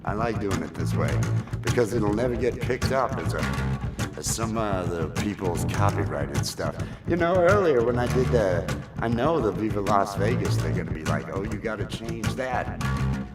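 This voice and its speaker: A man who hosts a live stream and makes music chats loosely with his audience, greeting viewers by name while high. His pitch swings widely at a normal speed, and the echoey room is filled with loud background music.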